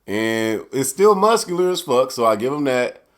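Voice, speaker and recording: A young man hosting a casual solo podcast, loose and profane, swinging from loud outbursts to low mutters. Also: sing-song, moderate pace. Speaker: podcast host.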